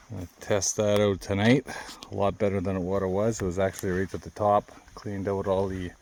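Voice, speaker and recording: Casual male camping vlogger, low gravelly voice, faint outdoor ambience. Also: darkish tone. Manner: chatty, easygoing, laughs often. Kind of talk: casual outdoor vlog narration. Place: outdoors at a lakeside campsite. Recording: faint outdoor background noise.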